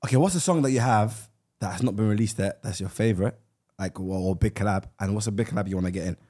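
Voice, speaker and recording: A young man from England co-hosting a podcast, joking and bantering quickly with friends. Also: fairly low pitch, dark tone. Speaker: podcast co-host.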